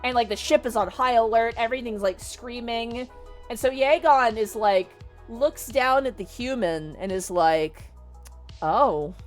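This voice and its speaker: A woman casually retelling a story, animated and swearing, with lots of "like" fillers. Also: a little high, normal speed, soft background music. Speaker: streamer.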